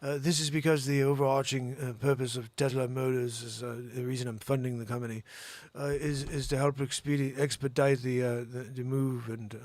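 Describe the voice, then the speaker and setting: A man's voice: mid-range voice, steady tone, a little fast, a little mellow, no room sound, voice pushed down, natural voice. A man doing an impression of a male tech billionaire, talking hesitantly with many uhs and ums. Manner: hesitant, full of uh and um.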